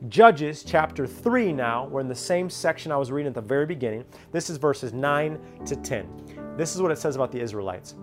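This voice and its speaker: A young man preaching a sermon as pastor, moving from quiet storytelling to loud, fervent appeals. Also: fairly high pitch. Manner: storytelling with homely family examples.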